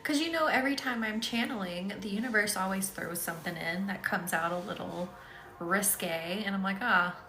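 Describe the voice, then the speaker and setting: A woman's voice: medium pitch, sharp tone, reverberant. A tired woman hosting a casual live energy-healing stream, chatting and reading comments, who keeps breaking into giggles. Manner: giggly, chatty, easily set off laughing. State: sleepy and tired.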